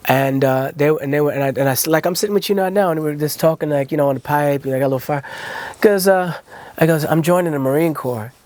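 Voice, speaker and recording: A man's voice: fairly high pitch, quick pace. A middle-aged man, a guest in a candid interview, telling his life story and acting out the voices of family members. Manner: animated, acts out family voices and quotes.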